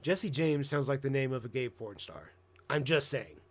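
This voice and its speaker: Male host, sarcastic reaction commentary, crude jokes, mid-pitched voice. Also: very animated, normal speed.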